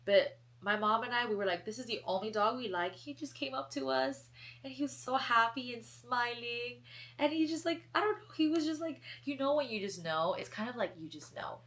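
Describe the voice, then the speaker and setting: A woman's voice: on the high side, normal speed. A young woman hosting a podcast alone, talking casually and chattily with many fillers. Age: young adult. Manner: chatty, filler-heavy, animated storytelling. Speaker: podcast host. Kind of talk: casual solo chat.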